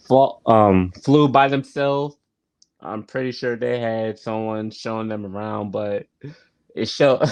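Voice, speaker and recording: A man's voice: medium pitch, no echo. A man hosting a casual review vlog, talking straight to the camera and often repeating his phrases. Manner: unhurried, repeats phrases, frequent "like". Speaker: YouTube show host reviewing a sitcom.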